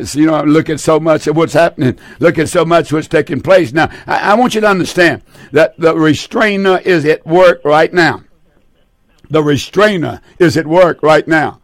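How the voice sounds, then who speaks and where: An older man preaching a fervent sermon, pleading and repeating phrases, often trailing off low at the ends of lines. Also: normal speed, no echo, studio quality. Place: seated indoors.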